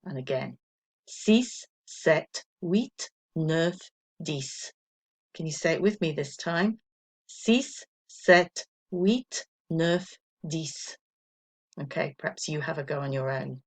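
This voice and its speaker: Slow, low-voiced woman teacher. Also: expressive, breathy edge. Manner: patient and encouraging, counting slowly for pupils to repeat. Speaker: primary school teacher. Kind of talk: recorded remote French lesson for children.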